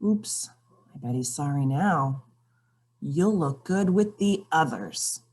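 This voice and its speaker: A woman voicing a prim, stern witch who speaks slowly and threatens. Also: low voice, lively intonation, darkish tone, heavily acted. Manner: prim, slow and menacing.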